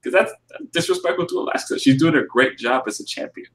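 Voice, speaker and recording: A man's voice: fairly high pitch, fast talker, a bit bright. A man co-hosting a podcast, chatting casually about wrestling with blunt, profane jokes. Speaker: podcast co-host.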